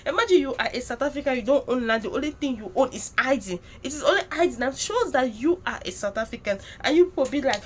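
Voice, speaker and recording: Nigerian woman, indignant reaction commentator, higher voice, faint noise behind. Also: animated, fast talker, hardly any pauses. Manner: indignant, emphatic, rising to loud outbursts.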